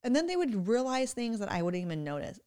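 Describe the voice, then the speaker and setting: A woman in her thirties, a mother chatting casually on a podcast, animated and often laughing. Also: a little high, fast talker, clear, resonant tone. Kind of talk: casual chat.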